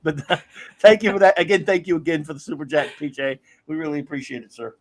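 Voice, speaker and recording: Co-hosting a live stream, a man with a slightly high voice and quick pace chats casually, cracking jokes and welcoming viewers by name.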